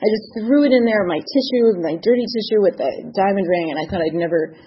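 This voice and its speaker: A woman's voice: mid-range voice, a little fast, breathy edge, highs cut off. A woman in her fifties telling a personal story with lots of laughter, acting out the voices in her quotes. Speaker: speaker sharing a recovery story.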